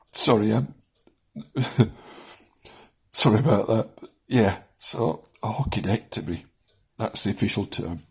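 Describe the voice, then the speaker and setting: A man in his seventies talking casually in a personal vlog, rambling with many pauses and chuckling at his own jokes, shaky as he speaks. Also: fairly low pitch, gravelly, a little mellow, slightly rough. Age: 70s. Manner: rambling, self-deprecating, chuckles often, many ums. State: shaking. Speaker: vlogger sharing his cancer experience.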